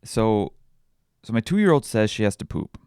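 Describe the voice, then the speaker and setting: A man in his thirties hosting a parenting podcast, talking candidly in a halting, reflective way with many fillers and restarts. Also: lowish voice, big pitch swings, clear, resonant tone, no echo, studio quality. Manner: quietly emotional, reflective. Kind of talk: confessional solo podcast monologue.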